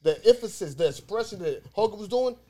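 A man's voice: sits high, expressive, fast, warm tone. A man co-hosting a casual podcast, insistently arguing his point among friends with heavy swearing. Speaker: podcast co-host.

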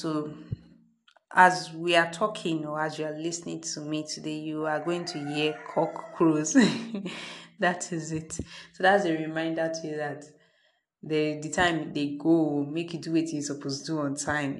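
Nigerian lady podcaster, deep-ish voice, rambling casually, no script. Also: level tone, normal speed. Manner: chatty, freewheeling, unscripted. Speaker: podcast host. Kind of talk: unedited casual podcast monologue. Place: at her parents' home.

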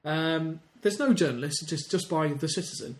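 An English podcast co-host with a fairly high voice chats casually at normal speed, sounding hesitant and giggly as he restarts his sentences again and again. The room he's in is echoey.

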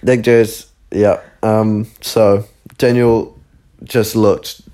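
A young man tells a long, rambling podcast story, swearing freely. His voice sits low, with a dark, mellow tone. He laughs often as he talks. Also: flat delivery, very slow. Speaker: podcast co-host. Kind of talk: casual storytelling chat.

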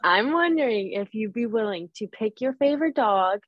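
A woman's voice: medium pitch, expressive, moderate pace, dry recording, highs cut off. A woman hosting a casual interview, chatty and encouraging toward her guest. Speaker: host.

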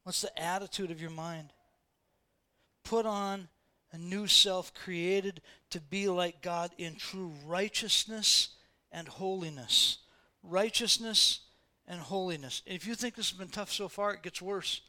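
Man, pastor, sermon, high voice, conversational, repeats for emphasis. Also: unhurried, pushed and bright. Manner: conversational preaching, acting out quoted voices, repeats phrases for emphasis.

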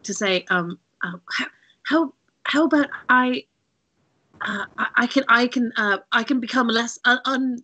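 A woman's voice: on the high side, a little slow, sharp tone, slightly rough, poor audio. Stumbling, giggly woman player. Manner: stumbling, giggly, restarts often. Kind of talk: casual game chat.

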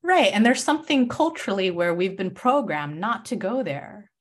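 A woman's voice: medium pitch, animated, normal speed. A young woman guest on a podcast interview, telling a personal story with impassioned, emphatic bursts. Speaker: self-defense coach guest.

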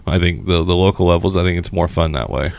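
Very deep, smooth-voiced podcast man. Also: quick pace, darkish tone, no room sound. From southern United States. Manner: rambling, restarts sentences. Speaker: podcast host. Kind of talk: casual chat.

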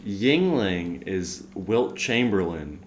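A man's voice: sits low, big pitch swings, slow, slight background noise. A man co-hosting a casual podcast, quipping short one-liners. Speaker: podcast co-host. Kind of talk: casual chat.

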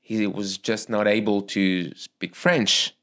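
A man whose first language is Arabic hosts a casual conversation, speaking English haltingly and often searching for words. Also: on the low side, fairly even intonation, fairly bright tone. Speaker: podcast host.

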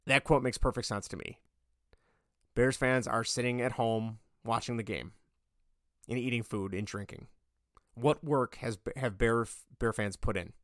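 A man hosting a sports podcast, talking casually and getting worked up into loud rants. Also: medium pitch, measured pace, dry recording, studio quality. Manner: ranting, gets worked up and loud. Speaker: podcast host. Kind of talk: casual sports opinion monologue.

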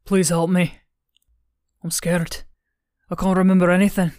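A woman's voice: fairly low pitch, flat delivery, darkish tone, dry recording, clean studio sound, close to an everyday voice. A woman voicing a frightened, stammering young man. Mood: fearful. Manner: halting, stammering, fearful.

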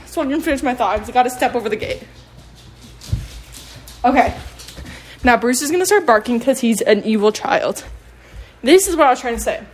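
A woman's voice: on the high side, animated, a little fast, pauses often, soft background music. Chatty rambling teenage girl vlogger. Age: late teens. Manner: rambling, chatty, self-deprecating, filler-heavy. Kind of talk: casual confessional chat. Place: home with dogs. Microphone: phone.

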